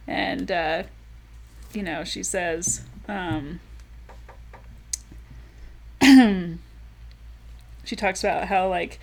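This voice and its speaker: A woman's voice: fairly low pitch, very slow, vocal fry, long pauses. A woman co-hosting a casual book discussion podcast, talking loosely with friends and laughing often. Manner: reads quoted passages aloud with lively emphasis. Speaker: podcast co-host.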